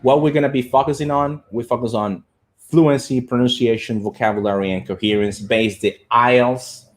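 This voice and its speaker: A man's voice: mid-range voice, steady tone, moderate pace. A man hosting a live-streamed English lesson, reading out viewer comments and repeating words as he talks.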